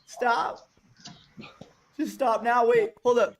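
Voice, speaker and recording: A man's voice: very high voice, fairly even intonation, slow. A young man commenting casually on a clip during a stream, swearing and laughing in exasperation.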